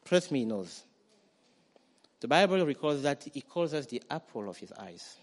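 A man preaching a sermon, animated, acting out quoted voices and building to loud declarations. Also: medium pitch, normal speed. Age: adult parent.

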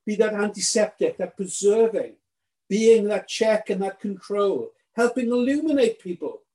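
A middle-aged man preaching a sermon, earnest and emphatic, slowing down to stress key phrases. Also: high voice, lively intonation, mellow, poor audio.

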